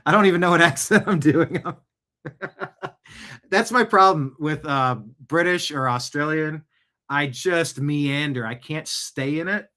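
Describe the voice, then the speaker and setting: A man's voice: a little high, a little slow, pushed and bright. A middle-aged man hosting a casual news commentary show, reading posts aloud with chuckles and asides. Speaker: host.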